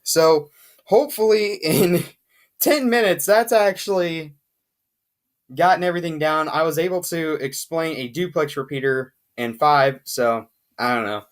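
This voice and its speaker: An explainer gives a casual whiteboard lesson on radio gear, lively and emphatic, at an unhurried pace. The voice sits at an ordinary middle pitch, and he drives points home by repeating them.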